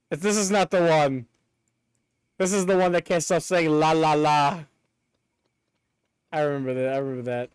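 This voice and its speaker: Male streamer, excitable and profane, high lively voice, smooth and close on a dry mic. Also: no room sound. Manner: excitable, swears, bursts into laughter. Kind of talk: casual live-stream chat.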